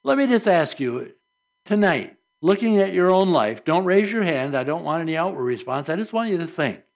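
A man's voice: fairly high pitch, very animated, normal speed, a little mellow. A man preaching a sermon at a church service, earnest and conversational, asking the congregation rhetorical questions. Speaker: pastor.

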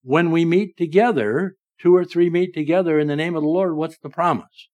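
Male pastor, slightly raised pitch, dynamic sermon delivery, church setting. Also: moderate pace. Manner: dynamic preaching, swings between loud emphasis and soft low lines. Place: church sanctuary.

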